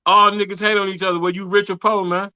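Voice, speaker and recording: A man's voice: high-pitched, little pitch movement, fast talker, sharp tone, clean tone, no echo, muffled recording. A man co-hosting a podcast, joking and cutting in with profane remarks in casual chat. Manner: profane, jokey, interjecting. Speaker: podcast co-host.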